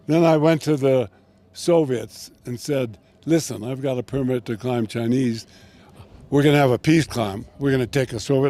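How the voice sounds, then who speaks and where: An older man with a mid-range voice tells a long story as an interview guest, rambling and animated, and often restarting his sentences.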